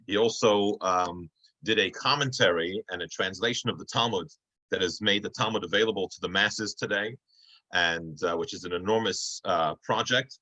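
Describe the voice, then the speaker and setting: Male teacher on a video call: bright tone, chatty, full of fillers. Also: low-pitched, moderate pace, lo-fi sound. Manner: conversational, many fillers and restarts. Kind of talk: online class storytelling lecture.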